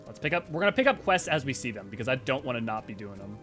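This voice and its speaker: A man's voice: mid-range voice, racing, soft background music. A man streaming a game, rambling and joking casually while he plays and chats. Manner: animated, rambling, jokey. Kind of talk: casual let's-play commentary.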